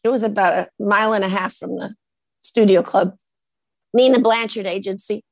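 A woman's voice: mid-range voice, normal speed, gravelly, no room sound. A woman being interviewed, telling anecdotes and acting out the voices of the people in them. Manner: animated, acts out the voices of people in her stories. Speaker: interviewee, actress.

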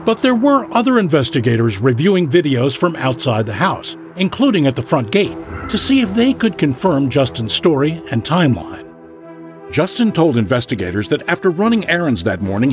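A man narrating a true-crime news story with a dramatic, measured delivery. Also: mid-range voice, very animated, soft background music.

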